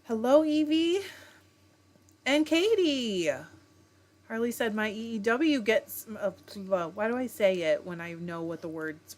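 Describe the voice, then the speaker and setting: A middle-aged woman hosting a casual livestream from home, reading viewer comments aloud and greeting people by name in a chatty way. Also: medium pitch. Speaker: livestream host reading chat. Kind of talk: casual chat.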